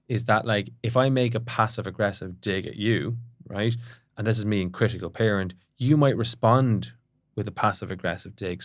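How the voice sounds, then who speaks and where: A middle-aged man, a therapist, explaining ideas in a fast, conversational way and checking in with "right?". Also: fairly low pitch, a bit bright, no room sound, studio quality. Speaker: psychotherapist guest.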